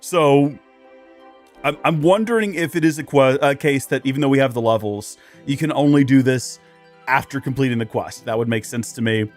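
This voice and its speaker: A man's voice: mid-range voice, moderate pace. A man doing casual let's play commentary as a streamer, chatty and rambling with jokes, faint game music behind.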